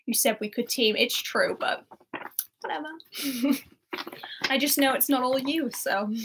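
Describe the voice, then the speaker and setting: Young woman running a quiz, high bright voice, chatty, laughs a lot. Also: unhurried, slight background noise. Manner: chatty, giggly, reads scores aloud. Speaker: quiz host. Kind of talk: hosting an online quiz.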